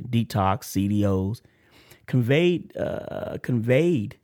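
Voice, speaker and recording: A man hosting a faith podcast, mixing lively shout-outs with preacher-style reading of a testimony. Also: on the low side, no echo, studio quality. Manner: animated, emotional, shout-outs and laughs; preacher-like cadence. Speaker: podcast host. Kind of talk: casual preaching and reading a letter.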